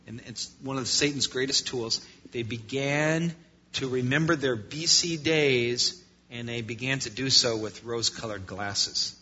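A man preaching a sermon as pastor, swinging between loud passages and quiet ones. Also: a little high, slightly rough. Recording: lo-fi muffled sound.

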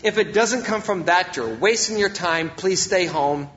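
A man's voice: sits high, measured pace, few pauses, fairly bright tone, muffled recording. A male pastor preaching a sermon, emphatic and repeating his key phrases.

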